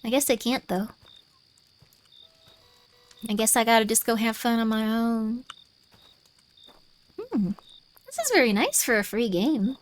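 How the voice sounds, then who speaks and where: A woman's voice: on the high side, expressive, measured pace, long pauses. A woman streaming a game live, chatting playfully and reading the on-screen text aloud. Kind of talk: live-streamed gameplay commentary.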